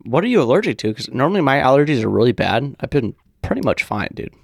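A man's voice: medium pitch, sing-song, fast, creaky, dry recording, clean studio sound. A man co-hosting a podcast in casual chat, playful and crude with jokes. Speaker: podcast co-host.

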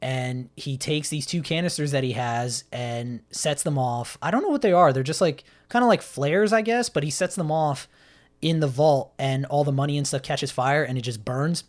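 A man's voice: on the high side, normal speed. A man chatting casually, retelling a story at length with many fillers and restarts. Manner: rambling retelling with acted-out quotes and many fillers. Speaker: podcast co-host recapping a film. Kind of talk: casual chat.

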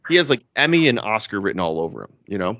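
A young man co-hosting a casual podcast about movies, animated and enthusiastic, laughing often. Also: fairly low pitch, quick pace, no echo, lo-fi sound. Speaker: podcast co-host.

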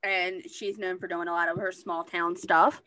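A woman with a fairly low voice speaks at a moderate pace in a dry recording. She hosts a book podcast, chatting casually and in a relaxed way, clearly enthusiastic about new releases.

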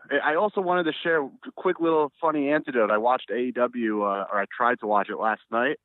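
A man's voice: mid-range voice, no echo. A man calling in to a wrestling talk show by phone from outdoors, chatting in a friendly, wry way. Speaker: caller. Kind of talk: call-in chat. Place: outdoors at a retirement community. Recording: dry tinny phone line.

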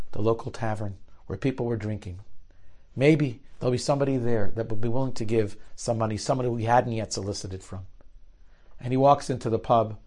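Animated male storyteller. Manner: lively, shifts pitch and volume for quoted characters; uses Yiddish and Hebrew terms. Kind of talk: spoken storytelling.

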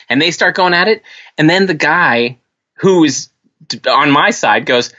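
On a podcast he co-hosts, a man with a slightly high voice tells stories at a moderate pace in casual chat, cursing and impersonating the people he describes with animation. The recording is muffled.

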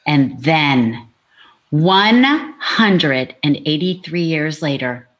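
A woman's voice: sits low, a bit bright. A woman author speaking expressively during a book event livestream, laughing often, heard over a video call.

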